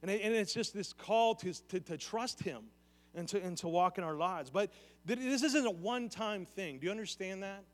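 This male pastor has a high-pitched voice with lively intonation and speaks at a normal speed. Preaching earnestly in a church sanctuary, he keeps addressing the congregation with direct questions while the long echo of the hall rings around him.

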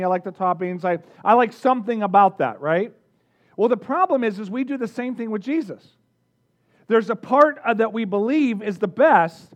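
A man preaching a sermon, energetic, drawing the congregation in with questions and call-outs. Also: high voice. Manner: energetic, engages the audience with questions. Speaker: pastor.

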